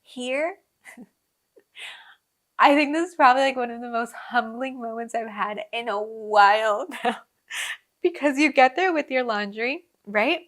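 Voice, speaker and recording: Young woman, podcast host, casual storytelling, laughs a lot, lots of fillers, slightly high voice. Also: measured pace, long pauses, a bit bright. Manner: chatty, laughs often, many fillers.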